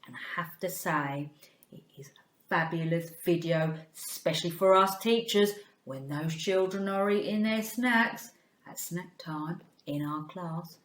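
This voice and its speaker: Slow, playful woman teacher in a roomy space. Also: fairly low pitch. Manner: playful and coaxing, often dropping to a whisper; talks to a puppet for the children. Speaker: phonics teacher. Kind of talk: children's phonics lesson.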